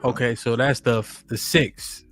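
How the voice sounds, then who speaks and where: A man's voice: medium pitch, steady tone, measured pace, over music. A man hosting a live-stream podcast, talking in a laid-back, slangy way. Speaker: host. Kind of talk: casual live-stream chat. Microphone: studio microphone.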